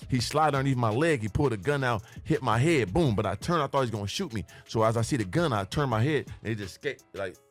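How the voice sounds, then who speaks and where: Man telling a wild story, fast and animated. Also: medium pitch. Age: older than the hosts. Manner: vivid and profane, acts out scenes with sound effects. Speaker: guest telling his life story.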